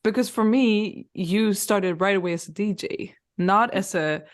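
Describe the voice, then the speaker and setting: A woman's voice: medium pitch, unhurried. A woman hosting a casual podcast interview, asking probing questions and laughing along with her guest. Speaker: podcast host.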